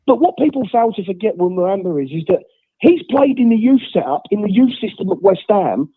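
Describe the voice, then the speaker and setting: A man's voice: sits high, very animated, a little fast, slightly rough, dry recording. An unwell man calling in by phone, ranting bluntly about his football team. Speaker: caller. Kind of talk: phone-in rant. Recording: tinny phone line.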